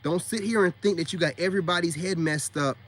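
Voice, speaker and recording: A man's voice: high-pitched, fast talker. A man giving a casual, preachy monologue as a self-styled spiritual coach, emphatic and full of street slang and rhetorical questions.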